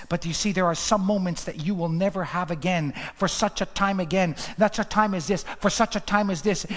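A man preaching a sermon in a repetitive, rhythmic cadence, swinging from shouts to near whispers. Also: high-pitched, in a large hall. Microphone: livestream to online viewers.

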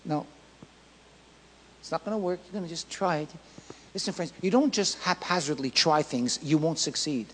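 A male pastor preaching a sermon in an emphatic, repetitive way that builds to shouts. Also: a little high, moderate pace, pauses often, big-room sound, slight background noise, low-quality recording.

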